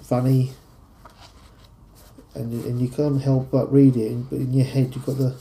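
A man with a London accent hosting a podcast, chatting in a relaxed, rambling way between readings. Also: medium pitch, measured pace. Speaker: podcast host. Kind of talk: casual podcast chat and poem reading. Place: studio.

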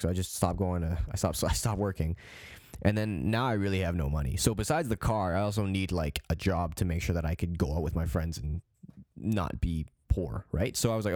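Young man, late teens, low voice, casual rambling podcast talk, swears a lot, dry close sound. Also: animated, brisk, darkish tone, no room sound. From Calgary, Canada. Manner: rambling, profane, lots of restarts and fillers. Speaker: podcast host. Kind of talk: casual storytelling monologue.

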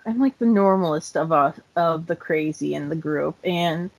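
A woman chatting casually as a podcast co-host, quiet and teasing, laughing softly. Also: deep voice, normal speed, low-quality recording. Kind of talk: casual chat.

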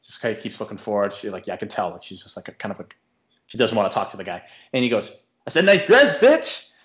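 A man's voice: lowish voice, fairly even intonation, racing. A man co-hosting a podcast, telling a long story in casual chat, full of filler words and acted-out quotes. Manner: rambling, heavy filler words, retells stories with acted-out quotes. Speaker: podcast co-host.

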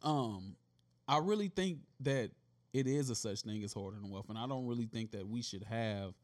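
A man's voice: fairly low pitch, normal speed, darkish tone. A tipsy man co-hosting a laid-back talk show, rambling and joking with many fillers. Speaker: podcast co-host. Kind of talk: casual chat.

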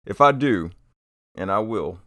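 A man's voice: on the low side, expressive, measured pace, a bit bright, no echo. A man co-hosting a casual podcast, laid-back and swearing casually, often trailing off and restarting. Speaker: podcast co-host.

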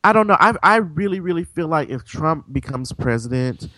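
A man co-hosting a relaxed talk show, telling little stories and laughing along with his co-host. His pitch swings widely as he talks, and the sound is dry and close. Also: normal speed, no echo. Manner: chatty, laughs along, storytelling. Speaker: podcast co-host. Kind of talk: casual chat.

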